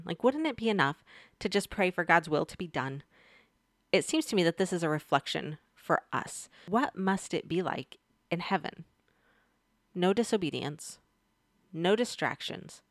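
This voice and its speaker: A woman's voice: lowish voice, expressive, moderate pace, no room sound, studio quality. A woman giving a casual devotional Bible lesson, chatty and speaking straight to her viewers with questions. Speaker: Bible teacher.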